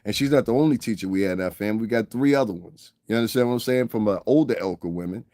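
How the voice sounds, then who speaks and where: A man's voice: lowish voice, racing, dark tone, no echo, clean studio sound. A man ranting on a casual livestream, profane and rambling, constantly asking if you understand and laughing at his own stories. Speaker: livestream commentator.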